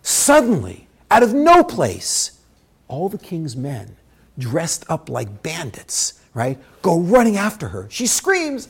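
A man teaching a Torah lesson through a dramatic story, swinging between loud bursts and hushed asides. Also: fairly high pitch, huge pitch swings, slow pace, vocal fry, husky.

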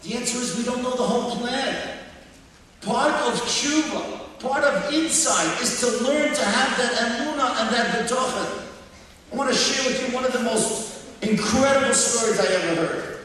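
A man as a rabbi, telling a story in a sermon, animated, acting out quotes and breaking into song. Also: very high voice, normal speed, slight background noise. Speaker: rabbi giving a talk. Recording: echoey hall, distant mic, faint ambience.

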